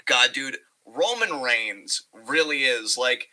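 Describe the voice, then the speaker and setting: Bright, swearing, animated male podcaster. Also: medium pitch, slow, low-quality recording. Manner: animated, profane, rambling. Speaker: podcast co-host. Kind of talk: casual wrestling review chat.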